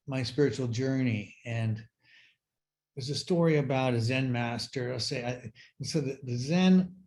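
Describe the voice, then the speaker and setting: A middle-aged man sharing his recovery story at a workshop, speaking in a halting, reflective way with many fillers and restarts. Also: mid-range voice, a little mellow. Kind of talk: personal sharing talk.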